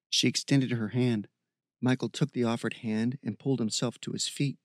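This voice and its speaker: A man reading a fantasy story aloud as narrator, in a steady, even storytelling voice. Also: mid-range voice, moderate pace, no room sound, studio quality. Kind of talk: audiobook narration.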